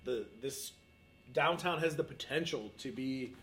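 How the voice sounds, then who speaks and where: A man co-hosting a casual podcast about running his café, talking in a relaxed, upbeat way with plenty of fillers. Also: mid-range voice, measured pace, a little hiss or hum, low-quality recording. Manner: relaxed, upbeat, thinks aloud with many fillers. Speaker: podcast co-host, café owner. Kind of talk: casual chat. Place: their café storefront.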